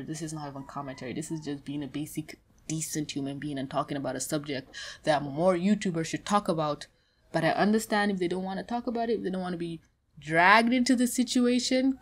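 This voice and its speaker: A woman vlogger speaks to her audience in a voice that sits a little low. She is blunt and profane. She swings between soft sympathy and heated, swearing outbursts. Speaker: YouTuber. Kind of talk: commentary vlog.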